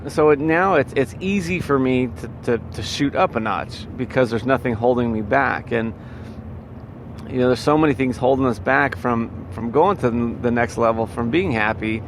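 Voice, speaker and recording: A man's voice: mid-range voice, normal speed, a little hiss or hum. A man in a casual motivational monologue, rambling and full of fillers and restarts. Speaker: vlogger giving life advice.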